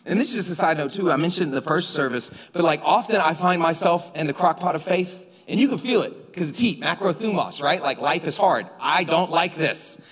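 A man preaching a sermon in a church, talking conversationally and rising to shouts for emphasis. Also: fairly high pitch, animated, fairly quick, few pauses, slightly rough. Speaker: pastor. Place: church sanctuary. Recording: long reverb of a church hall.

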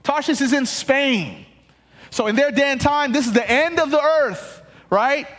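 A man preaching a sermon in an animated way, with laughing asides and frequent restarts. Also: very high-pitched, measured pace. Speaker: pastor.

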